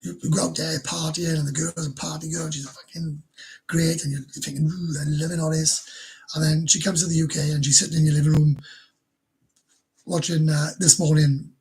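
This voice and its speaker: Husky Welsh man chatting to viewers. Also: on the high side, flat delivery, a little fast, darkish tone. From Wales. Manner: rambling, swears freely, stumbles and repeats words. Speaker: livestream host. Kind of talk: casual livestream chat answering viewers.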